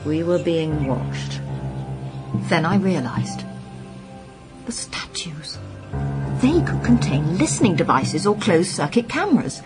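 Woman narrator, first-person storytelling, crisp, wry, lively pitch. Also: normal speed, loud music behind the voice, poor audio. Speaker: audiobook narrator.

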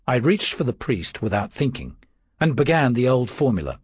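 A man's voice: medium pitch, big pitch swings, normal speed, slightly rough, no echo. A man narrating an audiobook with a dry, wry manner.

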